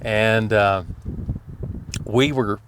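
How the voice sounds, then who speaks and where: A man's voice: on the low side, steady tone, drawn-out words, background noise. A middle-aged man, telling rambling, folksy stories and often laughing. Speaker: storyteller. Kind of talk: casual storytelling.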